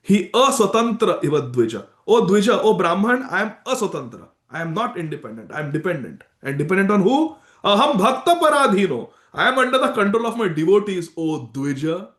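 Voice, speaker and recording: A man voicing Lord Vishnu as a gentle, affectionate divine lord in a temple class story, quoted in an earnest, plain voice. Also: high-pitched, sing-song, fairly quick. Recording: echoey temple room.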